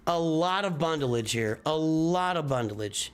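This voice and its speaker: A man's voice: a little high, expressive, measured pace, clean tone. A man streaming live, reviewing viewers' game rosters in casual commentary, thinking aloud with restarts and repeated phrases. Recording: faint music behind.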